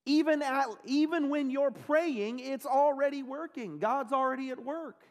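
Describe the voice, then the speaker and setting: A male pastor giving a sermon, earnest, slowing down and pausing to stress key phrases. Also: very high voice. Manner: earnest preaching, pauses and slows down on key phrases. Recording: long reverb of a large hall.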